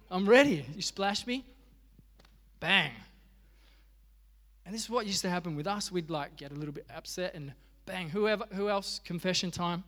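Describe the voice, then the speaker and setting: A man's voice: sits high, fairly bright tone, long reverb tail. An Australian man preaching a sermon as pastor, telling stories with humor and animation. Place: church.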